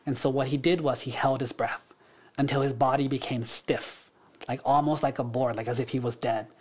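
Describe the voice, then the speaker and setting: A man, a monk teaching a class, telling a story in a relaxed, conversational way with frequent fillers. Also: medium pitch, moderate pace, slight background noise. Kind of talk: casual storytelling.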